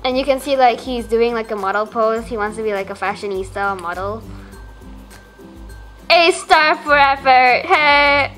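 A teenage girl from Malaysia, gushing excitedly as she unboxes fan mail at home. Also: a little high, a little slow, soft background music. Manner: gushing, excitable fangirling with many "oh my gosh". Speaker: vlogger.

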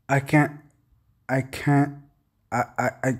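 A man doing casual commentary over gameplay as a gaming YouTuber, excitable and rambling, often stammering and restarting. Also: on the low side, unhurried, husky.

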